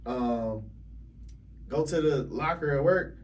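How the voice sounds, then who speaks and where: An animated man tells a story as a realtor guest on a podcast, laughing often and acting out what other people said. The mic sits a bit far from him, with faint noise in the background. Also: medium pitch, moderate pace. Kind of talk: casual storytelling.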